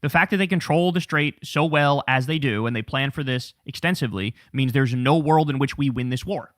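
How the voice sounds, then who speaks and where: A man's voice: medium pitch, fairly quick, no room sound, clean studio sound. A middle-aged man hosting a political commentary show, ranting with profanity and biting sarcasm.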